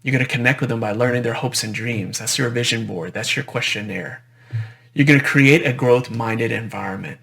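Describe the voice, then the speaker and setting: A man with a gravelly, mid-pitched voice presents to fellow dentists in a relaxed, conversational way. He repeats key phrases and checks in with quick "right?" tags. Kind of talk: conference presentation.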